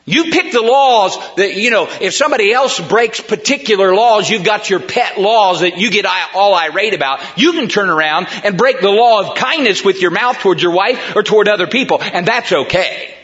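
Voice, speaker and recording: A middle-aged man preaching a sermon to men, swinging between hushed and loud emphatic delivery and piling up repeated rhetorical questions. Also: sits high, lively intonation, moderate pace, hardly any pauses. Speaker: pastor. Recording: dull lo-fi recording.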